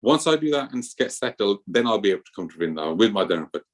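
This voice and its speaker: A man's voice: on the low side, sing-song, very fast. A man voicing a young male disciple who keeps pleading for more time. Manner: whiny, pleading, piling up excuses.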